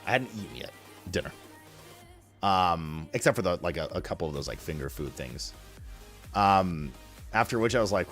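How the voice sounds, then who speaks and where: Young male streamer, low voice, rambling excitable storyteller with a foul mouth, faint music underneath. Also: normal speed, pauses often. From Romania. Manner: rambling, excitable, swears a lot. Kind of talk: casual storytelling to stream chat.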